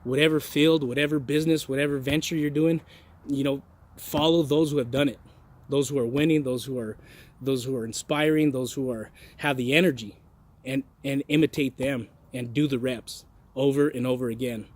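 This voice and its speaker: A man's voice: mid-range voice, fairly even intonation, moderate pace. A man giving a casual motivational talk to his viewers, folksy and earnest, often restarting and repeating words. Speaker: motivational vlogger.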